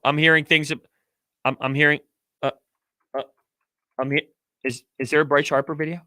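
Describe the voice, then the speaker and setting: A man hosting a casual live-stream reaction, swinging from hushed awe to loud shouts. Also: fairly high pitch, little pitch movement, moderate pace, pauses often, no echo, clean studio sound. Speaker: show host.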